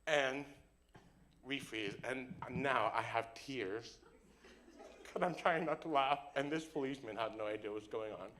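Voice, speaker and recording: A man's voice: medium pitch, measured pace. A young man telling a funny true story on stage, acting out the other people's lines. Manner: animated, comic, acts out dialogue. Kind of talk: live storytelling performance.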